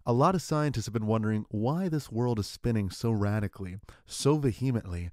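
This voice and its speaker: Deadpan rambling man, low voice. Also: a little fast, no room sound, clean studio sound. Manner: deadpan, rambling, mock-serious. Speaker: podcast host. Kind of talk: absurdist comedy monologue.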